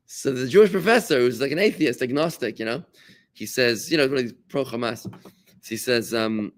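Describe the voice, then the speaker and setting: A man, a rabbi, giving a lively talk to his congregation and trading remarks with them, with sudden exclamations. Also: moderate pace, long pauses. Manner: animated, with big pitch jumps and exclamations.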